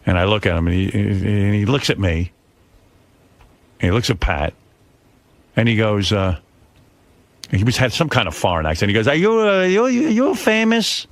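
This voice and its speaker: A man's voice: lowish voice, normal speed, pauses often. An older man hosting a radio show, telling a story in casual chat and acting out the voices of the people in it. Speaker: radio host. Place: radio studio.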